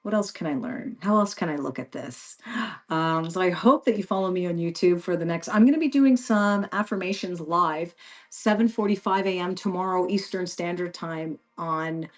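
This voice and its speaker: A woman's voice: on the low side, moderate pace. A woman from Canada, hosting a live stream and chatting casually with viewers in an effusive, encouraging way.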